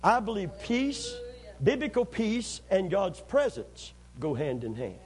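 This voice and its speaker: Speaking a little slowly in a voice that sits high, a man preaches a sermon. His storytelling is lively, folksy, and funny, and he prompts the congregation to call back to him.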